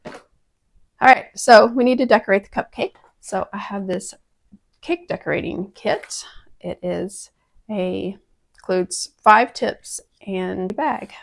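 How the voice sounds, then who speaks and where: A woman vlogger casually reviews kitchen gadgets at home, speaking slowly at medium pitch with vocal fry. She's chatty and prone to dramatic exclamations as she tests the products.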